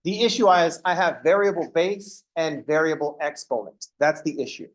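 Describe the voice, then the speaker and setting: A man teaches calculus to a class in a slightly higher-than-usual voice. He explains each step plainly, then drifts into wry joking asides before pulling himself back to the lesson. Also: lively intonation, normal speed. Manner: joking asides, self-interrupting. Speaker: math teacher. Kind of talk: classroom lecture.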